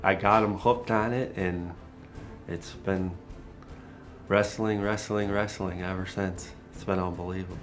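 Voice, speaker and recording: A man's voice: sits low, fairly even intonation, unhurried, soft background music. A man in a documentary interview, a family member who speaks in a plain, understated way.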